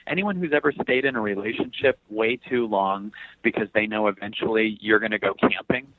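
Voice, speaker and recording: A man's voice: lowish voice, brisk, no room sound, narrow, tinny audio. A man speaking as a guest on a talk show, explaining ideas with jokes and acted-out inner voices. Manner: animated, jokey, acts out inner voices. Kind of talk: motivational talk.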